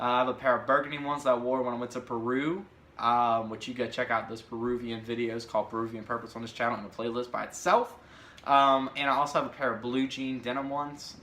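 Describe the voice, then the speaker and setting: A young man in his twenties rambling through casual questions, full of ums and side tangents. His voice is bright and forceful, at a middle pitch. It bounces around an echoey room. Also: level tone, fast talker, a little hiss or hum. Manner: rambling, chatty, lots of fillers. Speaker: vlogger. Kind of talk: casual question-and-answer chat.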